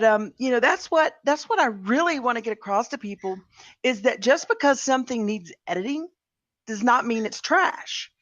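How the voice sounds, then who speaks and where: A woman's voice: a little high, a bit bright, dry recording. A woman who writes fiction, co-hosting a casual podcast chat in a chatty way, with many fillers. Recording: slightly dull lo-fi sound.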